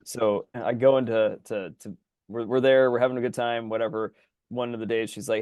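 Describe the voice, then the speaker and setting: A man co-hosting a podcast in casual chat, rambling and animated, his voice jumping high when he gets excited. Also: fairly quick, no room sound. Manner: rambling, animated storyteller full of fillers. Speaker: podcast co-host.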